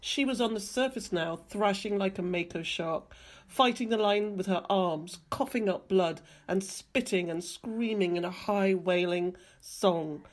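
A woman reading a novel excerpt aloud with expressive narration. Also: mid-range voice, a little slow. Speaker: reader. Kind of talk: audiobook reading.

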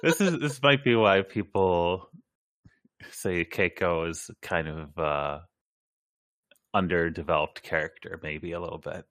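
A podcast co-host making deadpan, joking asides in casual chat. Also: deep voice, unhurried, no room sound, studio quality.

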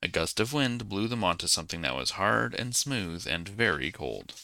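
A man reading a bedtime story aloud, calm and gently expressive. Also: lowish voice, normal speed, gravelly, no room sound.

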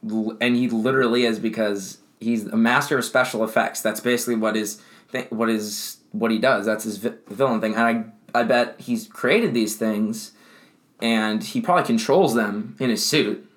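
A young man co-hosting a casual podcast, rambling and animated with frequent laughs and restarts. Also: on the low side, moderate pace. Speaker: podcast co-host. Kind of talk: casual chat.

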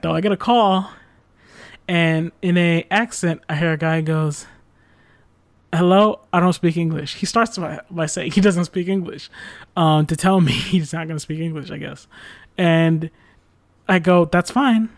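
A man's voice: on the high side, steady tone, normal speed, dry recording. A man telling a casual story in a rambling, exasperated way, full of fillers and the odd swear word.

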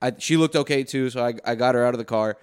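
Fast-talking young man telling a story. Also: mid-range voice, smooth. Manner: profane, animated retelling with acted-out quotes. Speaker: podcast co-host. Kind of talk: casual storytelling chat.

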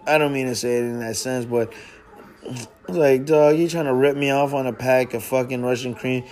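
A man's voice: mid-range voice, fairly even intonation, moderate pace, a little mellow, soft background music. A man hosting a casual podcast chat, laid-back and slangy, swearing freely. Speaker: podcast host.

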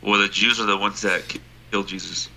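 Gravelly, bright-toned joking man. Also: lowish voice, steady tone, a little fast, low-quality recording. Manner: joking, irreverent banter. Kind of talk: casual crude banter.

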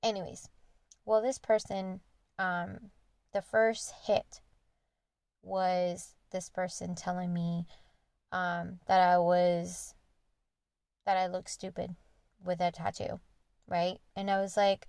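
A woman's voice: fairly low pitch, little pitch movement, slow pace, pauses often, a little mellow, smooth, no echo. A young woman hosting a podcast, candidly retelling a personal story in an earnest, conversational monologue. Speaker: podcast host.

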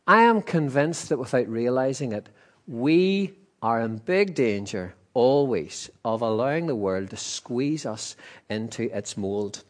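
A man's voice: medium pitch, animated, measured pace. A man preaching a sermon in a conversational, emphatic way with asides. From Northern Ireland. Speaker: pastor.

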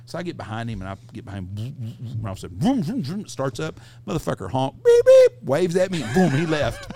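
A middle-aged man hosts a casual podcast and tells a crude story full of swearing. His voice is gravelly, and his pitch swings widely as he talks. A faint hiss sits under the recording. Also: a little fast. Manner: profane, animated anecdote-telling. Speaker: podcast host.

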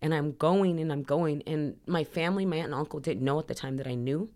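A woman's voice: low voice, a little fast, a little mellow. Woman, podcast guest; earnest, rambling storyteller who leans on "like" fillers. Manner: earnest, emotional retelling. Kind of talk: personal storytelling in a podcast interview.

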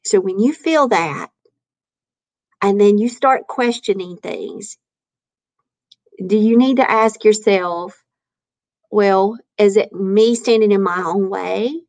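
A woman, an author and podcaster, chatting casually with lively, faith-filled encouragement and acting out her own past reactions. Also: medium pitch, slow, pauses often, no echo. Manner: animated, acts out her own past quotes. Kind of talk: casual chat.

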